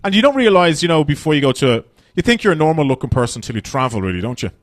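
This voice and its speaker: A man's voice: fairly high pitch, fast talker, no echo. An Irish man in his thirties doing a stand-up comedy set on a club stage, chatty and swearing as he tells stories. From Ireland. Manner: chatty, swearing, animated storytelling.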